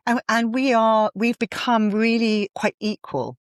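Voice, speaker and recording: A woman's voice: on the high side, fairly even intonation, clear, resonant tone, no room sound, clean studio sound. A woman hosting a podcast, encouraging her guest and laughing easily in casual conversation. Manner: warm, encouraging, quick to laugh. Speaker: host.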